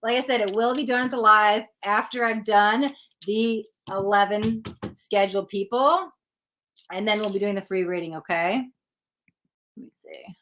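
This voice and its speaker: A woman hosting a live-streamed tarot reading, talking straight to viewers in an animated, encouraging way. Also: mid-range voice, normal speed, slight background noise, poor audio.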